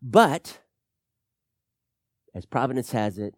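Male pastor preaching a sermon; lively, emphatic delivery, dry close-miked sound. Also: mid-range voice, unhurried, pauses often, no room sound. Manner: swings from hushed to loud, emphatic preaching.

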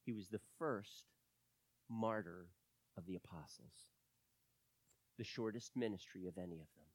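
A man preaching a sermon, telling stories animatedly and swinging between loud bursts and hushed moments. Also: sits low, unhurried, slightly rough, dry recording.

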